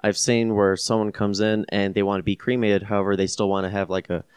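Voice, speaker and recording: A man's voice: on the low side, level tone, a little fast, darkish tone, clear, resonant tone, no room sound. A man who works at a funeral home, a podcast guest explaining his work in casual chat with fillers.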